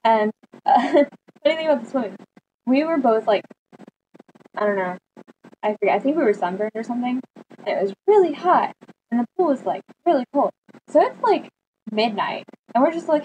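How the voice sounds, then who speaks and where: A teenage girl tells a long personal story to her camera in a casual, chatty way, jumping into lively quotes of her friends and family. Her voice sits a little high, and a faint hiss runs under the recording. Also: normal speed, pauses often, low-quality recording. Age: teens. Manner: chatty, animated quoting of friends. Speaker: vlogger.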